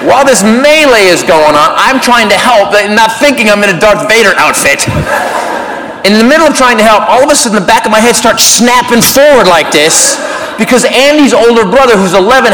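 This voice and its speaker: A man doing stand-up storytelling on a club stage, animated and acting out characters, shouting punchlines. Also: high-pitched, normal speed, roomy sound, background noise. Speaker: stand-up comedian. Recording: live club with loud crowd laughter. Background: audience laughter.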